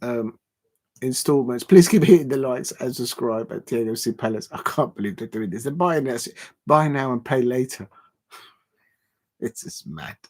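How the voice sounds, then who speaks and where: A man hosting a football livestream in casual chat, rambling and halting with many fillers and frequent chuckles. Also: medium pitch, animated, a little mellow.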